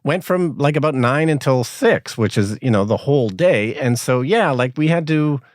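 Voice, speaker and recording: A man co-hosting a podcast, speaking in a relaxed, laid-back conversational way. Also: mid-range voice, moderate pace, dry recording, clean studio sound. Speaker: podcast co-host. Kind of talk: casual chat.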